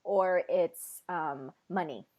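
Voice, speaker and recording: A woman's voice: on the low side, slow, dull audio. Woman on a video call, laughing often. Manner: retells the guest's words, laughs often. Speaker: host relaying a channeled guest's words. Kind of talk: casual chat on a video call.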